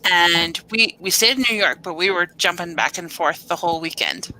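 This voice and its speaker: A woman's voice: fairly low pitch, moderate pace, slight background noise, low-quality recording. A woman telling a family road-trip story in a casual video-call chat, laughing between lines. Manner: relaxed anecdote-teller who laughs between lines.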